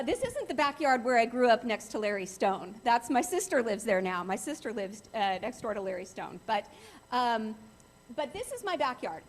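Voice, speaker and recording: A middle-aged woman giving an earnest, emphatic talk to a club as a guest speaker on cybercrime, often repeating phrases for stress. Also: on the high side.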